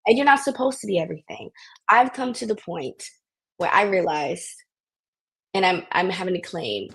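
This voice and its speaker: A woman talking as a podcast guest in animated, casual conversation, often restarting her sentences. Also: lowish voice, moderate pace, creaky, husky.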